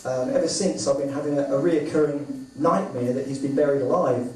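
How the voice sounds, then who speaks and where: A man doing stand-up one-liners on a comedy club stage, pausing often with ums and uhs. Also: mid-range voice, a little mellow. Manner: halting, with many ums and uhs. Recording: echoey club from far off, noisy. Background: audience laughter.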